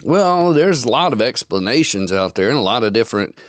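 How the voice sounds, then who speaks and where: Folksy male host, mid-pitched, close dry sound, loose storytelling chat. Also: big pitch swings, a little fast, no room sound. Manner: folksy storyteller, quotes people in dialogue. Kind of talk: casual online chat.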